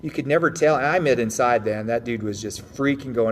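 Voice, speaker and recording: A man who teaches jiu-jitsu, answering viewer questions in a casual livestream. His coaching is blunt and upbeat, with mild swearing, and he acts out his own inner thoughts in quick asides. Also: medium pitch, expressive, a little hiss or hum.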